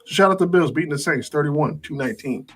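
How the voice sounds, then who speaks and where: A man co-hosting a casual sports talk show, running through scores with animated, wry asides. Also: fairly high pitch, quick pace, slightly rough, soft background music.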